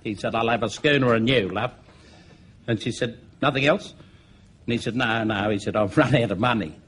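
A man's voice: fairly low pitch, fairly even intonation, brisk, fairly bright tone, slightly rough. An Australian man telling a long joke, spinning it as a yarn full of broad slang. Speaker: comedian.

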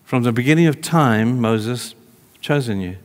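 A man voicing God as a calm, firm male presence who speaks in a measured, quiet way. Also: mid-range voice, in a large hall, natural voice. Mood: solemn.

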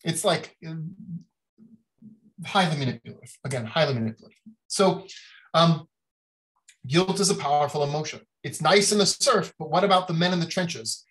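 A man's voice: on the high side, normal speed, long pauses, a bit bright, poor audio. A man giving a casual academic lecture on design history, talking in a chatty way with many fillers and little acted-out quotes.

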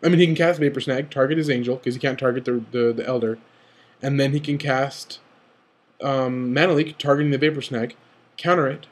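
A man's voice: medium pitch, fairly even intonation. A young man giving eager, rambling play-by-play analysis of a recorded card game, often restarting his sentences. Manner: eager, rambling, often rushes and self-corrects. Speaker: card game video commentator. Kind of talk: excited game analysis commentary.

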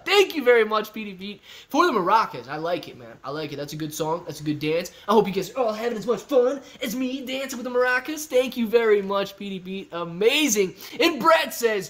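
A man's voice: high voice, big pitch swings, fairly quick, few pauses, a bit bright. A man hosting a casual live stream, reading viewer comments and bantering playfully with them. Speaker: livestream host reading chat.

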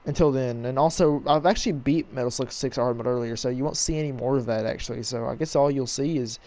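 Excitable young man commentating gameplay. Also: mid-range voice, fast. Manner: excitable, trash-talking, rambling. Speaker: gaming YouTuber.

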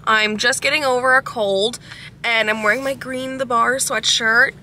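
Young woman vlogger, chatty and upbeat, a touch high, car rumble behind. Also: steady tone, normal speed, pushed and bright. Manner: chatty, upbeat, lots of "like" fillers. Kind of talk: casual vlog chat. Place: in a car at a drive-thru. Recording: car noise in the background.

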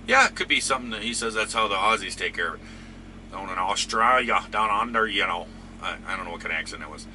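A man's voice: on the low side, a little fast, bright, forceful tone, a little hiss or hum. A man hosting a trucking channel, chatting casually and rambling through viewer comments with lots of fillers.

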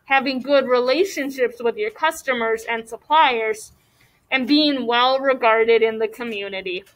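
A woman plays a jealous younger sister from a storybook. She speaks in a pointed, skeptical way, high in pitch. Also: fairly bright tone, rough recording.

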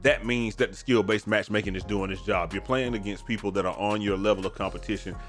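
A man's voice: on the low side, fairly even intonation, fast. Slangy tired male gaming streamer, music underneath. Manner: loose slangy talk, says "man" and "bro" often. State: yawning, tired. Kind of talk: casual commentary on viewer messages. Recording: faint music behind.

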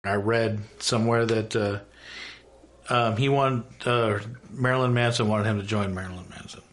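A man's voice: lowish voice, steady tone, moderate pace, fairly bright tone. A man in a casual, enthusiastic rant, gushing and emphatic, swearing freely. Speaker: YouTuber.

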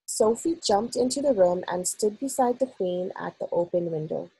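A woman reading a children's novel aloud for school children in an expressive, unhurried storytelling manner. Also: mid-range voice, breathy edge, rough recording.

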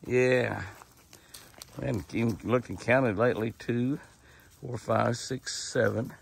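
A man's voice: medium pitch, steady tone, a little slow, creaky, slight background noise. A man narrating a casual ranch vlog outdoors, chatting to his animals as he feeds them. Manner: chatty, talks to the animals while feeding them. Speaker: ranch owner.

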